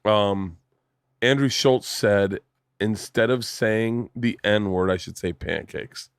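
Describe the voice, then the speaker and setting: A man in his forties hosting a podcast in a home studio, telling animated stories and acting out the voices of the people in them. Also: fairly low pitch, slow, clean tone, no echo. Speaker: podcast host. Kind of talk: casual chat.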